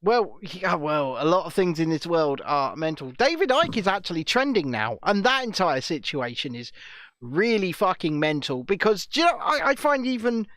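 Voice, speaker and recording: A co-host chatting on a late-night talk stream, often restarting and repeating words before getting to a point and dropping in dry remarks. The pitch moves a lot. The sound is dry and close, with little room in it. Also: very animated, moderate pace, fairly bright tone, dry recording. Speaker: podcast co-host. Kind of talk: casual chat.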